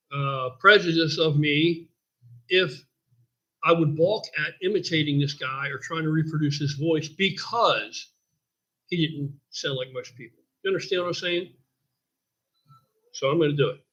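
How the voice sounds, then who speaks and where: Gym owner guy ranting thru a story on a live stream, swears a lot, kinda raspy, slightly high voice. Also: dull audio. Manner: profane, rambling, animated anecdote telling. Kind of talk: casual livestream storytelling.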